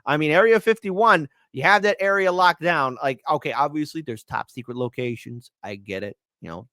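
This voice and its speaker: A man co-hosting a casual political podcast, telling things in an animated way, acting out quoted voices and restarting often. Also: fairly high pitch, normal speed, dry recording, clean studio sound. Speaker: guest co-host.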